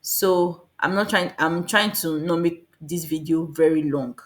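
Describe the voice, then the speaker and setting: A woman giving a casual, fast explainer on applying for a scholarship, often repeating and correcting herself. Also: low voice. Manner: fast, repetitive, self-correcting. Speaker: scholarship guide vlogger.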